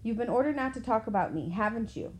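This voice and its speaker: A woman's voice: on the high side, expressive, quick pace, a little hiss or hum, lightly acted. A woman voicing a stubborn, impulsive young boy who speaks urgently. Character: impulsive stubborn twelve-year-old boy hero.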